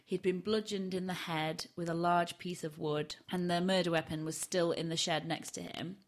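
A woman's voice: fairly low pitch, steady tone, moderate pace. A woman from Yorkshire, England, co-hosting a casual true-crime podcast. She talks in a chatty, self-deprecating way and laughs often. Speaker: podcast co-host.

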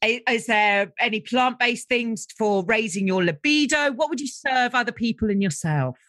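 A woman's voice: fairly high pitch, animated, normal speed, fairly bright tone, no echo. A woman co-hosting a casual podcast, bubbly and teasing as she asks the guest questions. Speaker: podcast co-host.

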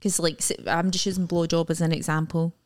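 A woman's voice: fairly low pitch, little pitch movement, a little fast, darkish tone. A young Scottish woman co-hosting a casual podcast, rambling and acting out little bits of dialogue. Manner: rambling, acts out quoted dialogue. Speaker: podcast co-host. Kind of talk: casual chat.

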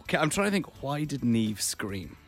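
A man with an Irish accent co-hosting a radio show, running a quiz game with lively banter. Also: mid-range voice, moderate pace, soft background music. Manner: animated game-show patter. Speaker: radio co-host.

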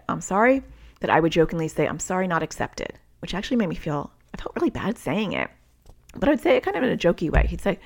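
A woman's voice: fairly low pitch, creaky. A middle-aged woman hosting a parenting podcast, explaining step by step in a conversational way with casual fillers. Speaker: parenting podcast host and coach. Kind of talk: solo podcast advice talk.

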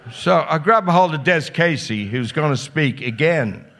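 A man's voice: a little high, lively intonation, moderate pace, a bit bright. A man telling a funny anecdote on stage at a live show, with comic timing and casual swearing. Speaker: guest storyteller at a live show. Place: live venue with audience.

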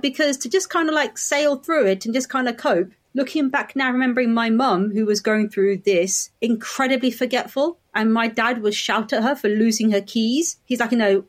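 A woman's voice: fairly high pitch, moderate pace. A woman in her forties, an optometrist guest on a podcast, chatting and laughing as she tells stories. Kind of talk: podcast conversation.

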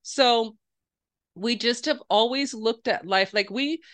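A middle-aged woman talking as a podcast guest in a casual interview, telling lively stories and quoting herself and others. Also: a little high, slow pace.

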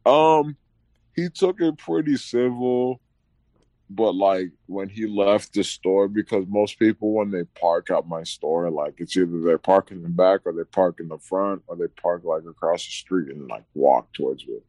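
Low mellow dude talking slangy podcast chat, dry close sound. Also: male voice, measured pace, dry recording. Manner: loose slangy, keeps saying bro. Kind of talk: casual chat, storytelling.

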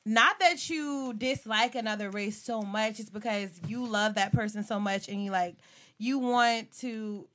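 A woman's voice: a little high, a little slow, a bit bright. A woman hosting a casual podcast chat, blunt and playful. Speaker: podcast host.

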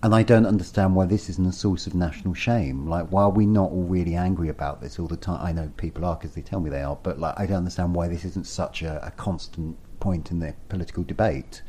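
A man, co-hosting a podcast in easygoing, animated conversation. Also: low voice, quick pace, few pauses, slightly rough. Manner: chatty, animated, self-deprecating. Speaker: podcast co-host. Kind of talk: casual conversational chat.

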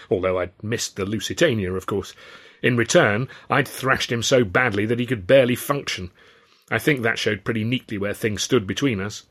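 A man reading his own novel aloud in a measured, wry first-person narration. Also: on the low side, fairly bright tone. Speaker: author and reader.

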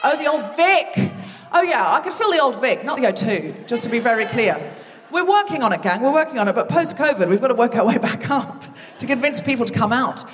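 A woman's voice: on the high side, lively intonation, fairly quick, few pauses, big-room sound, distant mic. A woman hosting a live comedy show on stage, joking and bantering with the audience. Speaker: comedy podcast host. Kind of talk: live stand-up crowd work. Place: large theatre with a live audience. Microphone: stage microphone.

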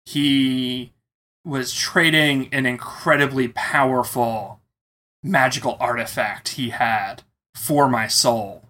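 Bright-voiced man telling a story. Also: mid-range voice, slow. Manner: animated, acts out quoted voices. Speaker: interviewee. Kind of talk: personal storytelling.

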